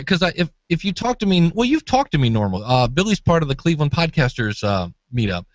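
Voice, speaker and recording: A man's voice: fairly high pitch, quick pace, few pauses, no room sound, lo-fi sound. A man co-hosting a podcast advice show, chatty and demonstrating vocal inflection. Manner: lively, demonstrates voices, chuckles. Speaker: co-host. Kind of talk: casual advice chat.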